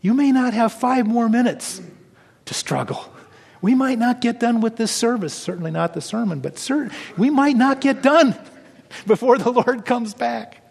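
A man preaching a sermon, swinging between raised exclamations and hushed, low passages. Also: normal speed, creaky, husky, big-room sound. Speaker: pastor.

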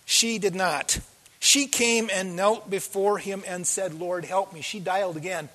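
A man preaching a sermon as pastor, telling the story with animated delivery and acting out the voices in it. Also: sits high, a little slow. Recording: long hall reverb.

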